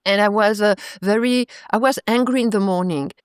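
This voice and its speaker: A woman's voice: mid-range voice, moderate pace, smooth, no room sound, clean studio sound. A woman in her forties, a yoga teacher and guest, telling stories in a reflective way with many restarts. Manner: reflective, retells stories with acted quotes, frequent restarts. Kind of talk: conversational interview.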